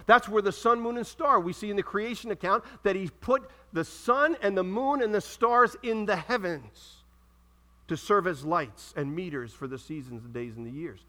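A man preaching a sermon in a church, reading scripture aloud and calling out questions to the congregation with dramatic pauses. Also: high-pitched, expressive, sharp tone. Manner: preaching with dramatic pauses and audience call-outs. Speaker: pastor.

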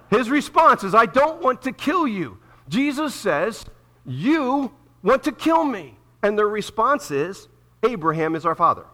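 A man's voice: high-pitched, sharp tone. A man preaching a sermon, emphatic, repeating his key points and putting questions to his listeners. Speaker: pastor.

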